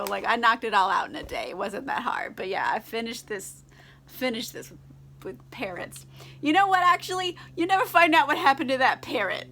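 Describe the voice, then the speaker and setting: A tipsy woman vlogger rambles through a casual book recap. She is irreverent, swearing and giggling as she goes. Her voice is high, bright and sharp.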